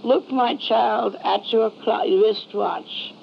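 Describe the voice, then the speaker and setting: A woman voicing a gentle heavenly mother figure who speaks in slow, solemn, measured pronouncements. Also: fairly high pitch, fairly even intonation, gravelly, slight background noise, exaggerated voice. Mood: consoling. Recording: dull lo-fi old recording.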